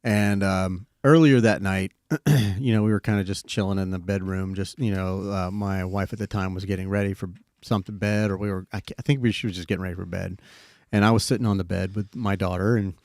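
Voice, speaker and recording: A man's voice: sits low, fairly even intonation, brisk, darkish tone, no echo. A middle-aged man hosting a podcast, telling a long story in a rambling, casual way full of fillers and the odd swear. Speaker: podcast host.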